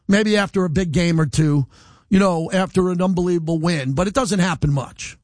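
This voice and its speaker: High-voiced animated radio host man. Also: a little fast, dry recording, clean studio sound. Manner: animated, defiant, rambling without a script. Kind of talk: live radio monologue. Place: radio studio. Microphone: studio microphone.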